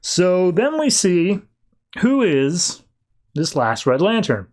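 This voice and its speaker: A man's voice: high voice, big pitch swings, takes it slowly, darkish tone. A man hosting a podcast and walking through a comic's plot in a loose, chatty way. He leans on fillers and acts out bits of the dialogue as he goes. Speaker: podcast host. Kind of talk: casual comic book recap.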